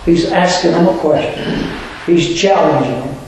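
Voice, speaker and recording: Slow, high-voiced preacher in an echoey church. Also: male voice, darkish tone, slight background noise. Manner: rhetorical, asks the congregation questions. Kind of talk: sermon. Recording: very echoey room.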